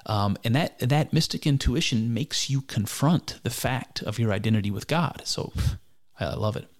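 Man, middle pitch, reflective commentary; earnest, musing, halting delivery. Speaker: speaker discussing mysticism. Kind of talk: reflective spoken commentary on a text.

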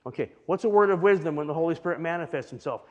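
A man's voice: on the high side, racing, dull audio. A man preaching a teaching sermon in a conversational way, often checking in with the listeners. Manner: conversational, keeps asking "right?". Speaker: pastor. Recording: long hall reverb.

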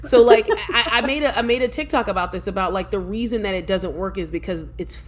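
A woman talking as a podcast guest, telling lively stories with frequent laughter and restarts. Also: medium pitch, fairly quick. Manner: lively storyteller, laughs often, restarts sentences. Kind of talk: casual podcast conversation.

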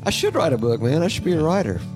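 A man's voice: fairly high pitch, sing-song, racing. A man in crude, rambling casual banter, joking and laughing a lot while reacting to music. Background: loud music playing.

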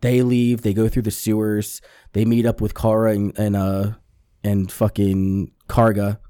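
A man co-hosting a podcast casually recaps a TV episode, acting out characters' lines and swearing freely. His voice sits on the low side and he talks unhurriedly, with studio-quality sound and no room echo. He's an animated storyteller with plenty of profanity.

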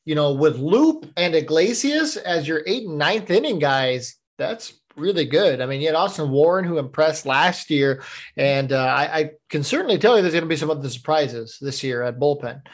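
A man's voice: on the high side, lively intonation, moderate pace. A man co-hosting a podcast, talking casually and easygoing with plenty of fillers. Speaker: podcast co-host. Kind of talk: casual sports chat.

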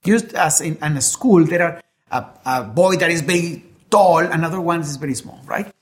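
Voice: mid-range voice, normal speed. A preacher giving a sermon and telling an illustration story, speaking earnestly and often repeating words while searching for them.

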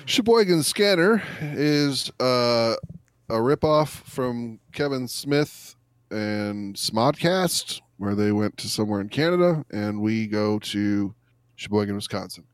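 A man co-hosting a podcast, reading out posts in a deadpan way during casual chat. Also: mid-range voice, slow, clean tone, no room sound. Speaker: podcast co-host.

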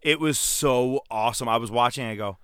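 A man talks in a casual back-and-forth, his voice bright and resonant, the recording close and dry. He gets excited fast, swears freely and laughs often. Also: medium pitch, clean tone, no echo. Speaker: podcast co-host. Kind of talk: casual chat.

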